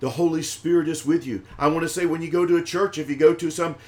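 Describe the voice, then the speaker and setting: A man's voice: on the high side, steady tone, fast talker, a little mellow. Man leading a rhythmic, exhorting sermon. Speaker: preacher. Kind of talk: livestreamed praise sermon.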